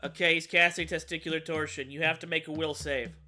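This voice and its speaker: A woman voicing a stubborn game master who flatly insists on the rules. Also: low-pitched, fairly quick, soft background music, pitched below the performer's own voice. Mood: insistent. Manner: flat, insistent, rule-quoting.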